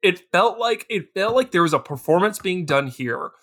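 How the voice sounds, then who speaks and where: Animated, lively-voiced young man. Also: high-pitched, moderate pace. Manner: animated, profane, restarts often, swings into exaggerated quoted voices. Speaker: podcast co-host. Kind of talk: casual movie review chat.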